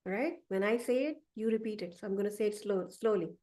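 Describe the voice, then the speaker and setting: A woman teacher leading a guided affirmation session, speaking slowly and deliberately so listeners can repeat after her. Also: mid-range voice, warm tone, far from the mic. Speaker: meditation teacher. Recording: voice set back from the mic.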